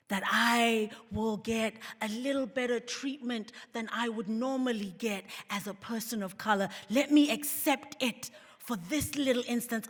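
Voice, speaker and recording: A South African woman giving a keynote speech, deliberate, dropping into mocking voices when she quotes others. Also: fairly high pitch. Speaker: keynote speaker. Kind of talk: public speech. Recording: reverberant hall.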